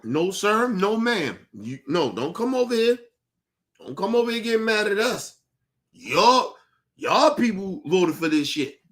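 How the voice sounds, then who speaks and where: A man delivering a heated, profane rant as a podcast host, shouting and repeating himself. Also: high-pitched, big pitch swings, a little slow.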